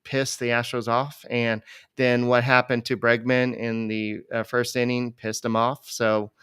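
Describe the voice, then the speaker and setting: A man co-hosting a baseball podcast, talking casually and rambling with many pauses. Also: mid-range voice, little pitch movement, a bit bright, clear, resonant tone, no room sound, studio quality. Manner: rambling, many fillers and restarts. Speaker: podcast co-host. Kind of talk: casual sports chat.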